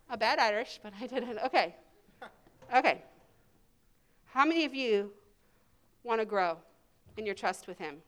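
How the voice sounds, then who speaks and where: A woman's voice: fairly high pitch, unhurried, long pauses, a bit bright. A woman pastor preaching a sermon to a congregation, emphatic and call-and-response, leading into prayer. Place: church service.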